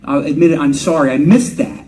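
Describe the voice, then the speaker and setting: A man's voice: on the high side, a little fast, mellow, far from the mic, low-quality recording. A middle-aged male singer telling stories to fans at a convention panel, joking, laughing and swearing casually. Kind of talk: live fan Q&A storytelling.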